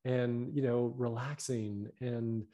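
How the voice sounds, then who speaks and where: A man talking about health as a guest, animated and fond of tagging his points with "right?". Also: mid-range voice, slow pace, highs cut off. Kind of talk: casual conversation.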